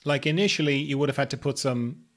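A man's voice: mid-range voice, quick pace, fairly bright tone. Easygoing male podcast host. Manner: easygoing, summarizes and checks in with "yeah?". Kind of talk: casual interview chat.

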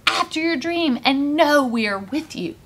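A woman's voice: sits high, expressive, a little slow, a bit bright. A woman voicing a wise, playful male baboon in a children's storybook. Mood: eager.

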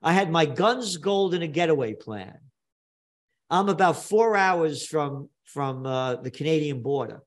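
A man's voice: on the high side, lively intonation, measured pace. Blunt older New man. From New York. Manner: emphatic, blunt, repeats phrases for effect. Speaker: guest. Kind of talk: animated storytelling interview talk.

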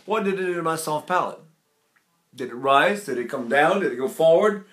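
Older male voice teacher, bright and ringing. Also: fairly high pitch, animated, brisk. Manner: rambling, demonstrative, breaks into sung vowels. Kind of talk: vocal lesson with sung demonstrations. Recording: echoey room.

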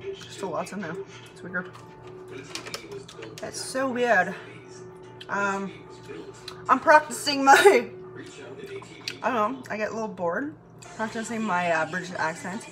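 Woman vlogger, tired, casual and foul-mouthed, rambling at home with loud music behind. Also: mid-range voice, measured pace, pauses often. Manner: chatty, profane, meandering, often laughing. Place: her bedroom at home. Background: music playing.

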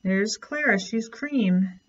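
A woman reading a picture book aloud to a child, gently pointing out and explaining the pictures. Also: mid-range voice, animated, takes it slowly, far from the mic, highs cut off. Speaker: storyteller.

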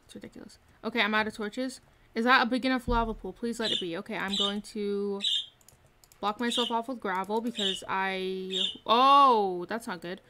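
A woman streaming a video game live, chatting casually, talking to herself and reading chat, often giggling. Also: mid-range voice. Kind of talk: casual live gameplay commentary. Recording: faint noise with mouse clicks and typing.

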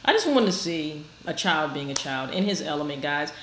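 A woman's voice: low voice, big pitch swings, moderate pace, fairly bright tone. A woman hosting a reaction video, giving frank, chatty commentary straight to her viewers. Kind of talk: casual commentary. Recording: echoey room with faint noise.

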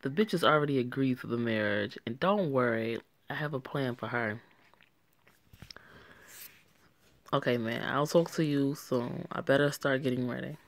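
A woman voicing a stern man who leads a gang, calm and commanding, in an amateur voiced story drama. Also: a bass voice, brisk, hardly any pauses, voice pushed down. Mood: scheming.

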